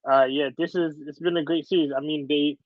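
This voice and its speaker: A man appearing as a podcast guest, chatting casually and in a relaxed way about basketball. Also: on the high side, a little fast, no echo. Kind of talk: casual sports chat. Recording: dull, dry sound.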